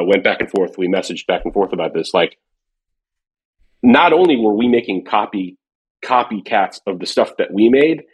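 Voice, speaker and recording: Speaking casually on a podcast, a man who once worked at a drum company tells long, rambling stories packed with fillers and restarts. His voice is slightly low, with a husky, breathy edge, and he comes across as relaxed and chatty.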